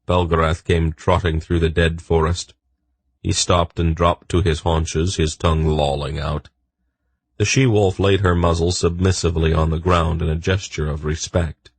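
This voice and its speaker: A man narrating an audiobook in a measured, even storytelling manner. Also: low-pitched, husky, no room sound. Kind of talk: scripted narration.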